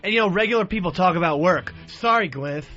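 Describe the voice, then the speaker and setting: A man with a high voice rants on a radio talk show, getting worked up and indignant. The sound is dull broadcast audio with faint music playing underneath. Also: animated, fast talker, bright, forceful tone. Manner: indignant, ranting, easily worked up. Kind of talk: casual radio banter.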